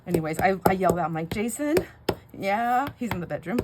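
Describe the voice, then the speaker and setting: Talking quickly in a lowish voice, a middle-aged woman rambles through a casual crafting vlog as she makes labels at home. She laughs often and muses aloud, with steady background noise throughout.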